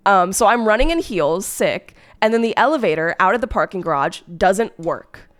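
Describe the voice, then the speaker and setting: A woman's voice: mid-range voice, expressive, normal speed, fairly bright tone. A woman streamer who is sick, telling a story in a rambling, exasperated way with lots of fillers. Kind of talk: casual storytime chat.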